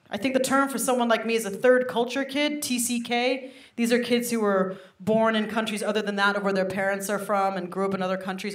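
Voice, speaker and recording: A young woman doing stand-up with an American accent picked up over a mixed British upbringing, brash and self-mocking with quick asides to the crowd. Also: mid-range voice. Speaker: stand-up comedian. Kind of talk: stand-up comedy set. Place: comedy stage before a live audience. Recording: roomy live venue, faint noise.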